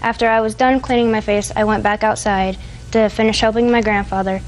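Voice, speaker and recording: A woman's voice: mid-range voice, steady tone, fairly quick, slight background noise, low-quality recording. A woman in her twenties testifying in a TV courtroom, retelling events in a rambling, hesitant way. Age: 20s. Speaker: defendant.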